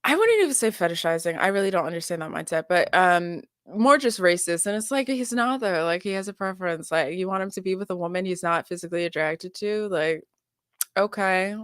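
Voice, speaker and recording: A woman's voice: on the low side, lively intonation, a little fast, fairly bright tone, clear, resonant tone. A chatty young woman reacting to a video on stream for her viewers. She giggles easily and fills her talk with "like". Her voice is close and dry, with no room echo. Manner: giggly, chatty, full of filler "like".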